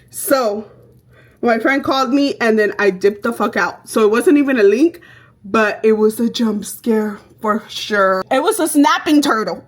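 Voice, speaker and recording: A young woman vlogger chatting through her makeup routine, telling stories in a brash, profane, animated way. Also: a little high, measured pace. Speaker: beauty vlogger. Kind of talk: casual get-ready-with-me chat.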